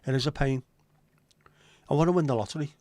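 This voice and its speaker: A man's voice: mid-range voice, fast talker, darkish tone, no echo. Chatty man hosting a livestream. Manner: chatty and joking, answers viewer comments. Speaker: livestream host. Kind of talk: casual livestream chat with viewers.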